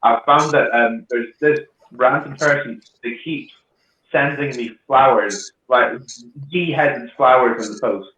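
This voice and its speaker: A man hosting a comedy show, telling quick punchline jokes and checking in with "right?" and "yeah?". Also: medium pitch, a bit bright, reverberant, lo-fi sound. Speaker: comedy club host. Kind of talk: stand-up comedy and act introductions.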